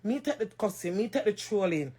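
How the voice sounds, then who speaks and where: A woman's voice: mid-range voice, lively intonation, a little fast, dark tone, breathy edge. A Jamaican woman in an emotional, crying rant on a livestream, emphatic and repetitive, raising her voice at times. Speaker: social media personality.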